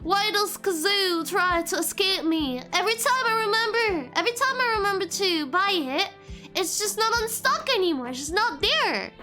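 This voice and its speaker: Over faint lo-fi music, a female VTuber giggles a lot while playfully reacting to her chat in a casual livestream. She speaks at normal speed in an extremely high, animated voice with a bright, forceful tone.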